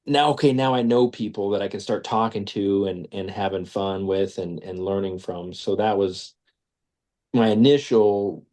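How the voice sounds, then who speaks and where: A man's voice: on the low side, normal speed, a little mellow. A male podcast guest and business owner telling a casual story, acting out the voices he quotes, with many restarts.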